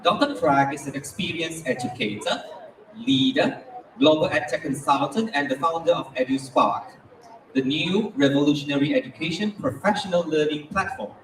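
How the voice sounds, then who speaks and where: A man with a slightly high voice acts as emcee, reading a formal introduction from a script. He sounds far from the mic in a large conference hall that echoes heavily. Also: expressive, normal speed. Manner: scripted, reads a formal biography. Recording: echoey hall, distant mic, faint noise.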